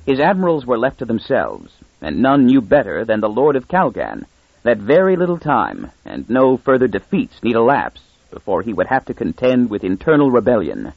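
Man narrating an audiobook, lively. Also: mid-range voice, normal speed, gravelly, breathy edge, no room sound, narrow, tinny audio. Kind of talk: scripted narration.

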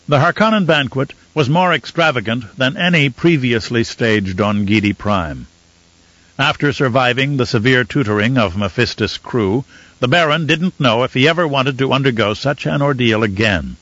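A man's voice: medium pitch, moderate pace, a bit bright, no room sound. Man narrating an audiobook, dry lo-fi sound. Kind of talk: scripted narration.

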